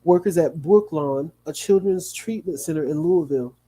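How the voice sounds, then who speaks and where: A man's voice: a little high, warm tone. Sleepy man reading news aloud. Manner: reads haltingly with small slips and asides. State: sleepy, yawning. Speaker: livestream host.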